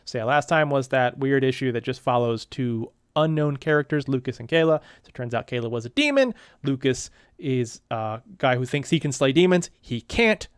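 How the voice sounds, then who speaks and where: A man's voice: medium pitch, expressive, moderate pace, hardly any pauses, smooth, dry recording, clean studio sound. A man in his thirties reading a comic aloud and commenting on it in a chatty way, with wry asides.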